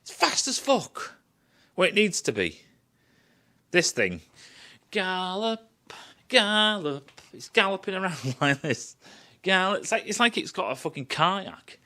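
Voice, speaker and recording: A man's voice: high voice, sing-song, unhurried, pushed and bright. A man ranting in a casual, sweary, sarcastic review. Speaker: film and TV reviewer.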